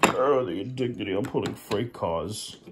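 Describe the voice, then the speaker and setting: A man's voice: fairly low pitch, moderate pace, heavy background noise, lightly acted. A man voicing a big, pompous male steam engine with a lofty, exclaiming manner.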